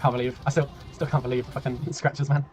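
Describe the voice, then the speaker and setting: A man casting a strategy game tournament on a live stream, chatty and laughing, with a tiring voice that he keeps clearing. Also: mid-range voice, little pitch movement, fairly quick, darkish tone, dull audio, faint music behind. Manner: chatty, laughing, rambling, swears, reads chat aloud. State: voice tiring, clearing throat often. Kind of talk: casual live-stream commentary.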